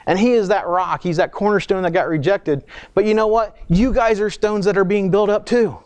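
A man's voice: sits high, moderate pace, a little mellow, no room sound. A man delivering a sermon in a conversational style, reading scripture aloud with asides and restarts. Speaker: preacher.

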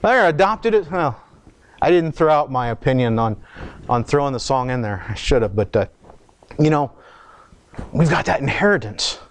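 A man's voice: mid-range voice, animated, moderate pace, long pauses, slight background noise. A man delivering a sermon in a conversational style, reading scripture aloud with asides and restarts. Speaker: preacher.

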